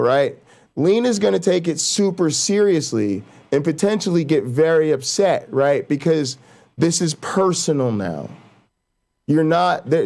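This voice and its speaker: Male vlog host, profane animated ranter, slightly high voice. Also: creaky. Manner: animated, profane, says "right?" a lot. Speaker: YouTube host. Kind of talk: casual profane rant.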